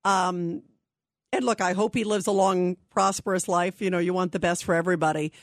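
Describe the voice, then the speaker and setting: A woman's voice: on the low side, steady tone, a little fast, dry recording, studio quality. A woman hosting a call-in radio talk show, talking in long rambling emphatic stretches full of fillers and restarts.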